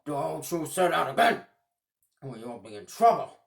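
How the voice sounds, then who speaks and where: A man voicing an angry, strong, rich old cattle herder in a storybook tale, yelling. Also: a little high, lively intonation, unhurried, creaky, reverberant.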